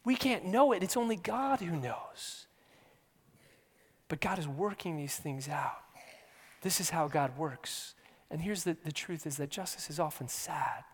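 A man preaching an earnest sermon, repeating his words and shifting between hushed near-whispers and loud emphasis. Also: a little high, expressive, normal speed, breathy edge. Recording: long hall reverb.

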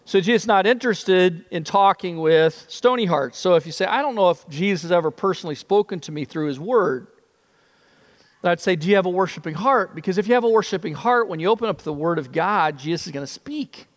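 A man's voice: high-pitched, fairly quick. A male preacher delivering a sermon, emphatic and building through repeated phrases. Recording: long reverb.

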